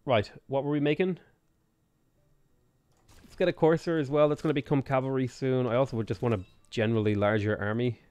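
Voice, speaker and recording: A man's voice: mid-range voice, fairly even intonation, fairly quick, darkish tone, clear, resonant tone, dry recording. A man chatting casually and jokingly as he livestreams a strategy game, rambling from topic to topic. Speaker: gaming streamer.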